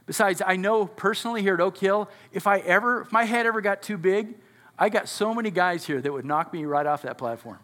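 A man's voice: high voice, brisk, a bit bright, big-room sound. A male pastor preaching a sermon to his congregation in a conversational way, often asking them questions. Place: church sanctuary before a congregation.

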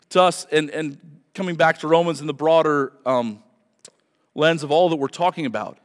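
A man's voice: on the high side, a little slow, pauses often. Man, pastor, earnest emphatic sermon, repeated phrases, reverberant church hall.

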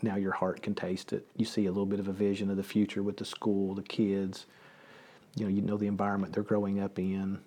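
A man's voice: sits low, monotone, a little fast, warm tone, breathy edge. A man, a pastor, hosting a casual conversation, joking around and asking lots of questions. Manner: joking, asks many questions.

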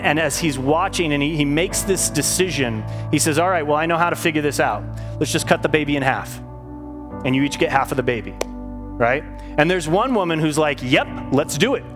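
A man preaching a sermon, fervent and stumbling over repeated words when he gets excited. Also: medium pitch. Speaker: pastor. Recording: music playing behind the voice.

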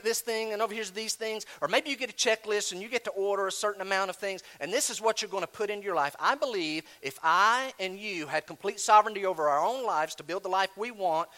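A man preaching a sermon, animated, swinging between loud emphasis and hushed asides. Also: high voice, brisk. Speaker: pastor.

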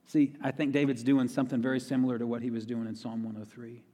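A man's voice: medium pitch, little pitch movement, fast talker, few pauses, warm tone. A man preaching a sermon in a conversational way, repeating key phrases for emphasis. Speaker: pastor. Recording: long reverb of a large hall.

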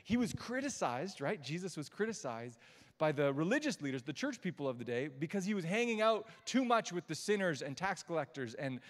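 A man preaching to his congregation in a relaxed, talkative way, breaking off and restarting his sentences as he goes. His voice sits a little higher than most men's. The sanctuary gives it a long, ringing reverb. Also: fairly quick. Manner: warm, chatty, often restarts mid-sentence; gushing and excitable when reacting. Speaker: guest preacher. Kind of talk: casual conversational sermon. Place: church service with live congregation.

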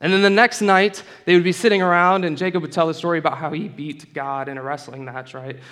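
A man's voice: a little high, fairly even intonation, fast talker, a bit bright. A man delivering a sermon with a slightly raised voice. He talks in a conversational, storytelling way and drops in casual asides. His voice rings through a hall with a long reverb. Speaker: preacher.

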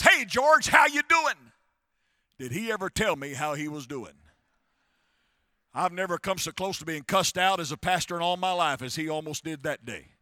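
A male preacher, voice pitched high and ringing bright. He tells stories and climbs to shouted crescendos. The recording is close and dry. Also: no echo. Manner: rising to shouted crescendos, storytelling. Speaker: pastor. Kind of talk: sermon. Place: church.

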